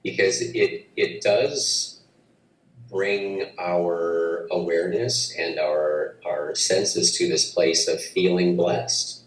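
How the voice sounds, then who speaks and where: A man teaching a breathing practice, speaking gently and haltingly with many restarts. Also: low voice, steady tone. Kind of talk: guided breathing instruction. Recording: roomy, distant mic, faint ambience.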